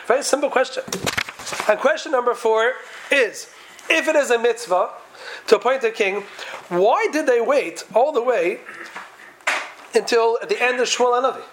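A man's voice: very high voice, a bit bright, a little hiss or hum, rough recording. A man giving a Talmudic lecture to a class, posing question after question in a sing-song study cadence. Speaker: Torah teacher.

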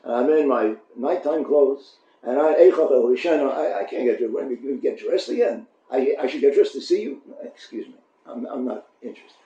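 A rabbi putting on a fickle lovesick young woman, pitched up, echoey room, muffled audio. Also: animated, measured pace, few pauses, warm tone. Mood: dismissive. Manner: dismissive then breathless and pleading. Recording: echoey room, dull lo-fi sound.

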